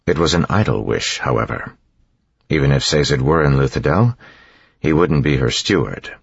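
Very deep husky male audiobook reader, steady delivery, dry and dull recording. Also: moderate pace, no echo. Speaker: audiobook narrator. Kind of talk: scripted narration. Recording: dull, dry studio sound.

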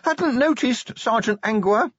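A man voicing a terrified young male watchman with a squeaky, strained, cowed voice. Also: expressive, unhurried, no echo, highs cut off, heavily acted.

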